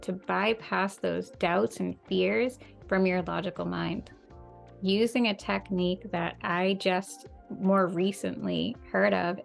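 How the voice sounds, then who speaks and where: A woman coaching listeners on manifestation in an earnest, measured way, repeating key phrases for emphasis. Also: lowish voice, creaky. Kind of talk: slow, calm motivational talk.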